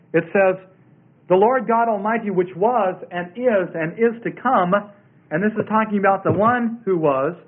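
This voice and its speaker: A man teaching a Bible study in a sermon style, emphatic and repeating his key words. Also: on the high side. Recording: tinny phone-like radio broadcast.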